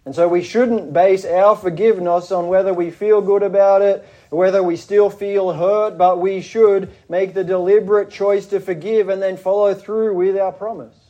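Aussie pastor guy preaching a sermon, pretty high voice but mellow, slow careful emphasis. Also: fairly even intonation, lo-fi sound. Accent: Australian. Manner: measured, deliberate preaching with emphatic points.

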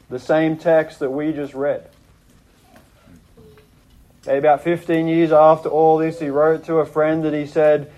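A pastor earnestly retells a story in his sermon, his voice sinking low and then rising when he quotes prayers. He has a warm tone, though the recording is muffled.

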